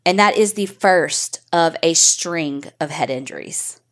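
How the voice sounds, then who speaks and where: A woman's voice: sits low, unhurried. A woman co-hosting a podcast, telling a true-crime story in a chatty, frank way with casual swearing. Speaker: podcast co-host.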